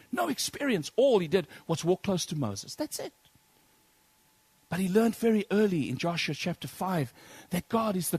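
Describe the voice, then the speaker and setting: A man preaching a sermon to his congregation, swinging from loud declaiming to soft near-whispers. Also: a little high, husky, no room sound. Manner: addresses congregation as brethren.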